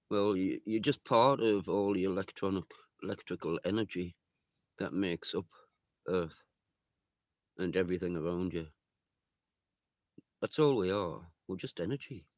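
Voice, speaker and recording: Low-voiced guy rambling on a livestream, swears a lot, dry close sound. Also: a little mellow, dry recording. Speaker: livestreamer reading viewer chat. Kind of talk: rambling casual live chat.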